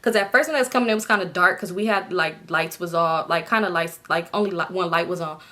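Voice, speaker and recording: A woman in her twenties telling a story casually to camera, animated and swearing freely, jumping up in pitch when she acts out other people. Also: fast talker. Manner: swears freely, talks straight to viewers. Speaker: storytime vlogger.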